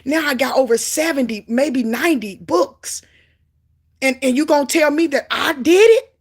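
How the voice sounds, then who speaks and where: A woman sharing a Christian testimony in a preaching style, fervent and emphatic, swinging between loud exclamations and low asides. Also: lively intonation, moderate pace. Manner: emphatic repetition.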